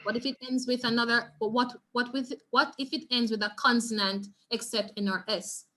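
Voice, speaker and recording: A woman's voice: fairly high pitch, fairly even intonation, normal speed, noisy background. A woman with a Jamaican accent teaching an online Spanish revision lesson, encouraging and repeating words for students to drill. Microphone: video call.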